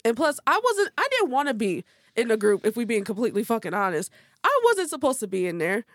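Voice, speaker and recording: A woman's voice: fairly high pitch, very animated, quick pace, no room sound, studio quality. A woman hosting a podcast in casual chat, talking candidly and bluntly and swearing freely. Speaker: podcast host.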